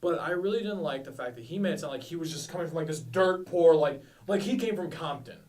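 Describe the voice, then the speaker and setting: A young man co-hosting a casual podcast, his voice sitting somewhat high for a man. He rambles and corrects himself often and jokes at his own expense. The mic is some distance away, which makes him sound slightly far off. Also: animated, fast talker, a little mellow. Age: 20s. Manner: rambling, self-deprecating, lots of restarts. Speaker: podcast co-host. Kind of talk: casual chat.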